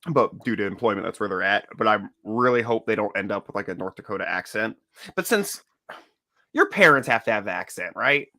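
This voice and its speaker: A man from Florida chatting casually as a podcast host, telling animated stories and laughing often. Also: on the low side, brisk. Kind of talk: casual chat.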